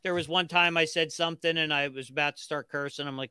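A gruff man who jokes at his own expense and talks with a slight lisp from a missing tooth, as a guest chatting on a podcast. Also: a little high, steady tone, fast, pushed and bright, no room sound. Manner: gruff, joking, self-deprecating. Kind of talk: casual chat.

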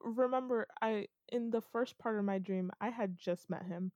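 A young woman with a somewhat high voice describes her dream to a friend at a moderate pace, laughing often and telling it with lots of animation. The recording is dry with no room sound, but the highs are cut off.

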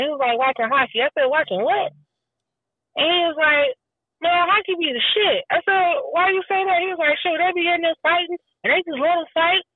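A woman chatting casually and telling animated stories, acting out the people she quotes and swearing freely. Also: medium pitch, no echo. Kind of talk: casual chat. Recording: tinny phone-like sound, dry.

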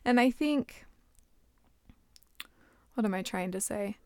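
A young woman talking candidly in a casual conversation, her voice smooth and clear at a middle pitch. She often pauses and restarts as she searches for the right words. The sound is close and dry, with no room echo. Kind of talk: casual chat.

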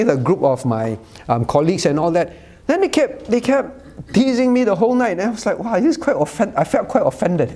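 A male pastor preaching a sermon, originally a Cantonese speaker, talking in a teasing, animated way and often checking in with his listeners. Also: on the high side. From Cantonese-speaking Chinese community. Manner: animated, teasing asides with frequent "all right?" check-ins.

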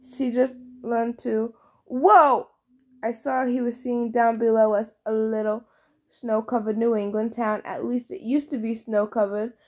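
A woman narrating a first-person audiobook, lively and expressive. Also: a little high, normal speed.

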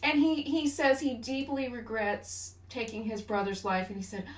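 A woman's voice: fairly high pitch, moderate pace. A woman co-hosting a casual movie chat, gushing and getting emotional as she recaps scenes. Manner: emotional, gushing, voice rises when moved. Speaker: podcast co-host. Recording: echoey room, mic at a distance.

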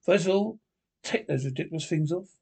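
A man's voice: fairly high pitch, lively intonation, brisk, gravelly, a little mellow, breathy edge, full character voice. A man voicing a stern, solemn old male badger who talks in a grave, commanding way.

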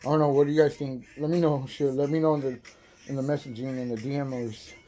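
A young man hosting a casual stoner podcast, high, rambling and profane, laughing often. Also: steady tone, fast talker, warm tone, faint music behind. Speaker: podcast host.

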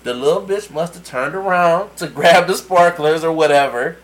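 A man telling a story in casual chat, animated and laughing often as he acts out quotes. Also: fairly high pitch, normal speed, low-quality recording. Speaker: podcast co-host telling a story.

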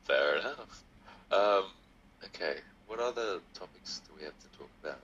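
Low-voiced, animated man on a call. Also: normal speed, muffled recording, slight background noise. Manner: animated, laughs often, theatrical. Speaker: podcast guest. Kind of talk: casual chat. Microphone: video call.

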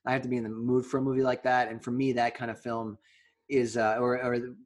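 A man with a faint New York accent, co-hosting a casual podcast chat, talking quickly with asides and easy laughs. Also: mid-range voice, flat delivery. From New York, Long Island area. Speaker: podcast co-host.

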